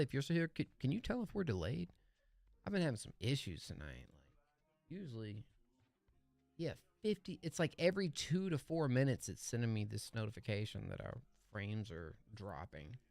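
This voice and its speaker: A man's voice: medium pitch, sing-song, moderate pace, creaky, long pauses, a little mellow, dry recording. Hyped casual man reviewing beats live. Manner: enthusiastic, slangy, many fillers and restarts. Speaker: livestream music review host. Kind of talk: casual live-stream commentary.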